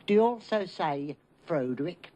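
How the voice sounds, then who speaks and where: A woman's voice: fairly low pitch, animated, normal speed, mellow. A woman voicing a cheeky, sly male pony servant who teases his master. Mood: teasing. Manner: sly, teasing.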